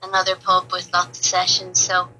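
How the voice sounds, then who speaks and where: A woman from County Clare, a traditional musician, chatting relaxed and a bit hesitant as a radio phone-in guest. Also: on the low side, normal speed, poor audio. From County Clare, Ireland. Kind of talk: casual radio phone chat.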